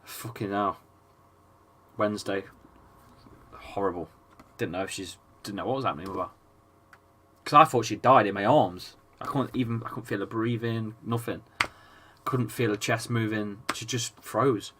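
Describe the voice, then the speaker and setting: An English man with a chesty, slightly rough voice gives a live football watchalong between coughs, reading chat and calling the play. His tone is bright and forward. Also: lowish voice, fairly even intonation, normal speed, long pauses. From England. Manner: chatty, swears, reads chat aloud between play calls. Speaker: football fan streamer. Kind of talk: casual live watchalong commentary.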